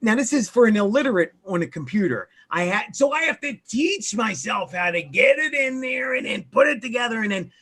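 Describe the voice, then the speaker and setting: A man hosting a casual live chat, loud and playful, often crying out in mock protest. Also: very high voice, expressive, brisk, hardly any pauses. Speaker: show host.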